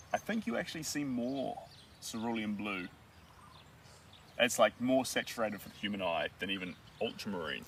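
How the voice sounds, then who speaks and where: A man's voice: fairly low pitch, a bit bright. A man chatting casually on a live stream while painting a dog portrait, rambling and joking as he thinks aloud. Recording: distant mic with outdoor noise.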